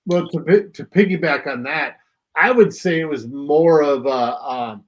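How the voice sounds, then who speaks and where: A man's voice: fairly high pitch, unhurried. A man co-hosting a music podcast, musing at length in casual chat with frequent fillers and hedges. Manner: rambling, reflective, hedging with fillers. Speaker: podcast co-host.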